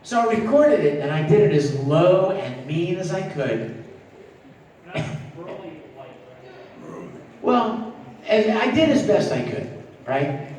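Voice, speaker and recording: A man, a voice actor, telling a lively anecdote on a convention panel and acting out voices. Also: high-pitched, slow, pauses often. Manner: animated, acts out voices. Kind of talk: storytelling anecdote to a live audience. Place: large convention hall. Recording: echoey hall, distant mic, faint ambience.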